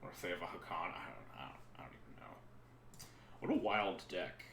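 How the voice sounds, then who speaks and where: A man's voice: sits low, animated, fairly quick, creaky, reverberant, noisy background. A man streaming a card game from home, giving casual, rambling commentary that keeps breaking off mid-sentence. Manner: chatty, rambling, self-interrupting. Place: room at home.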